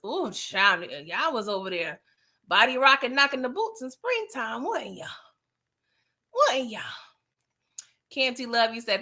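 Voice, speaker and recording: A woman hosting a casual late-night livestream, reading chat comments aloud, animated and laughing often, with a slangy, playful manner. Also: a little high, unhurried.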